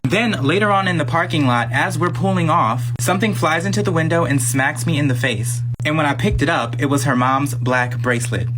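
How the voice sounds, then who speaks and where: A man's voice: on the high side, fairly quick, few pauses, background noise. A young man telling a personal story in a casual, chatty vlog style. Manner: chatty, animated with quoted voices. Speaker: storytime creator.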